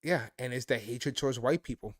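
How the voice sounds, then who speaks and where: A man's voice: mid-range voice, brisk, dry recording, clean studio sound. A man from Brooklyn, co-hosting a live stream, emphatic and repeating himself. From Brooklyn, New York. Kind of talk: casual political chat.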